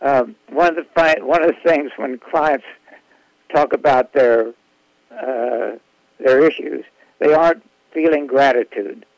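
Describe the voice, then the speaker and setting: A man speaking as a guest on a talk radio show, explaining his therapy practice in a halting way with frequent restarts. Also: medium pitch, no room sound, highs cut off. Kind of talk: casual radio interview.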